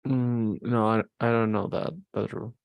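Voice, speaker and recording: Low, smooth-voiced male student reading hesitantly; dry, close recording. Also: level tone, no room sound. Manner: hesitant, reads slowly with many ums. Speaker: language student. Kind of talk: reading aloud in a lesson.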